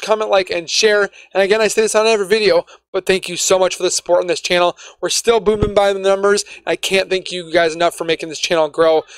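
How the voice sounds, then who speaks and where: High, clear-voiced chatty gaming YouTuber man. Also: fairly bright tone, no echo. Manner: chatty and rambling, trips over words. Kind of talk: casual gaming news vlog.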